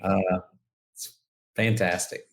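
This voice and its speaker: A man's voice: low voice, level tone, slow. A man co-hosting a podcast in casual chat, talking loosely with lots of fillers and laughs. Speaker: podcast co-host.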